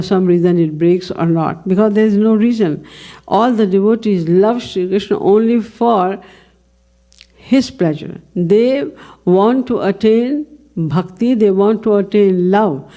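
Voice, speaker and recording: Mellow-voiced woman giving a devotional lecture. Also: mid-range voice. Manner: measured storytelling, poses and answers own questions. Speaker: spiritual lecturer.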